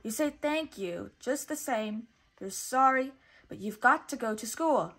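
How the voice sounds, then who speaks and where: A fussy little male cricket from a storybook, excitable and earnest, his voice jumping high and loud, as a woman reading aloud does him. He calls out and fusses like a worried guardian. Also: a little slow, husky, full character voice. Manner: excited, calling out loudly.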